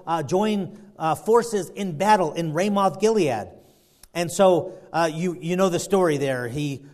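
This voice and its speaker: A man's voice: fairly high pitch, a little mellow. A man preaching a sermon, retelling a story in a folksy, rambling way. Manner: folksy, storytelling, many fillers and restarts.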